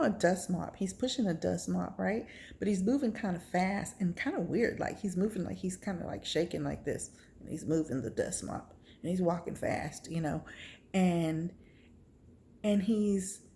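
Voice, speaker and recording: A woman's voice: medium pitch, creaky, dark tone. A woman vlogger telling a personal testimony story, acting out her reactions with gasps.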